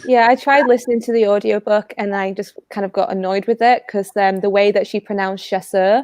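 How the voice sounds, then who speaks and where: A woman's voice: mid-range voice, fairly even intonation, a little fast, darkish tone, dry recording. Woman chatting on a book club stream, easygoing, laughs a lot, dry close sound. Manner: agreeable, frequent backchannels, laughs easily. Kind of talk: casual livestream book discussion.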